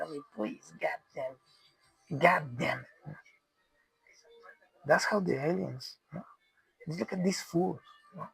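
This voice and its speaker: Gravelly, exasperated man. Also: sits high, unhurried, low-quality recording. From Mexico. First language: Spanish. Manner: profane, exasperated, rambling with restarts. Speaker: commentator. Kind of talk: unscripted rant.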